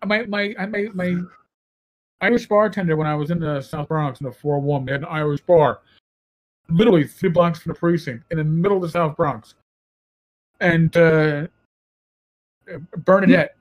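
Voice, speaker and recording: A man tells stories in a casual podcast chat. He is animated and slips into put-on voices for the people in his tales. His voice sits fairly high for a man. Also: normal speed, pauses often. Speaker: podcast co-host, former police officer.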